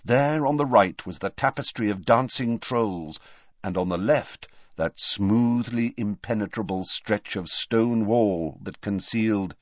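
A man reading an audiobook aloud in an animated way. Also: lowish voice, measured pace, no echo. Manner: animated, varied character voices. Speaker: narrator. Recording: dry, dull lo-fi.

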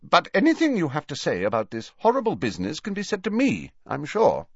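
A man's voice: a little high, huge pitch swings, slightly rough, no room sound, pitched above the performer's own voice, exaggerated voice. Professor McGonagall, stern and tart, read by a man. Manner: clipped, brisk, final. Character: stern older woman professor, tart and strict. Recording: dull lo-fi dry recording.

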